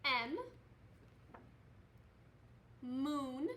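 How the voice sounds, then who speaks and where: A woman teaching second grade, speaking slowly and clearly with encouraging praise as she leads young children through a reading lesson. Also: high-pitched, bright, forceful tone, slight background noise. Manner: slow, clearly enunciated, encouraging teacher talk. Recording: roomy, echoey room.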